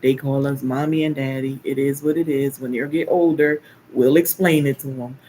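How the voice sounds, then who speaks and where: An older woman hosting a casual live stream, chatting and telling animated stories with playful teasing. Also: very deep voice, moderate pace, a little hiss or hum. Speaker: live stream host, caregiver. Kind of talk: casual chat.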